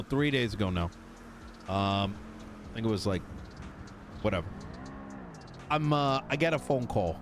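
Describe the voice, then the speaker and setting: A man voicing a mechanic and tow driver on a role-play server tells an in-character story, performing others' lines and cursing casually. His voice sits mid-range with a bit of brightness, over a little hiss or hum.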